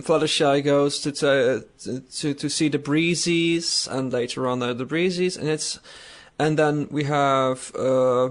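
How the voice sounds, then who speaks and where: A man's voice: on the high side, clean tone. A man co-hosting a casual podcast, rambling and laughing often as he talks. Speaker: podcast co-host. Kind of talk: casual chat.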